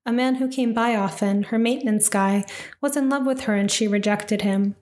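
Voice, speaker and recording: A woman voicing a calm, mysterious wanderer. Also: fairly high pitch, moderate pace, lightly acted. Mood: grim.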